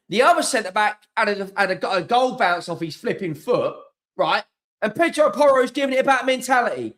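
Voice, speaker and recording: A man's voice: high voice, fairly bright tone. A man hosting a live football watchalong stream, ranting in exasperation and swearing freely.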